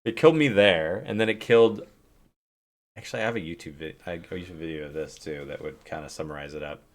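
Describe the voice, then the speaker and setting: A man's voice: low voice, fast. A man streamer telling stories about game clips in casual chat, laughing a lot as he talks. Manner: animated storytelling, laughs often.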